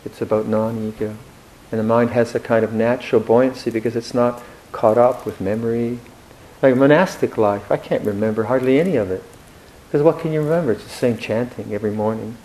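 A man's voice: medium pitch, fairly quick, slight background noise, poor audio. Reflective man giving a dharma talk. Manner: reflective, gently humorous, with hesitant restarts. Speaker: Buddhist monk teacher.

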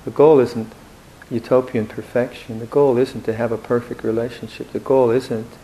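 A man giving a Buddhist dharma talk in a reflective, gently humorous way, with hesitant restarts. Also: mid-range voice, level tone, normal speed, poor audio. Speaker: Buddhist monk teacher.

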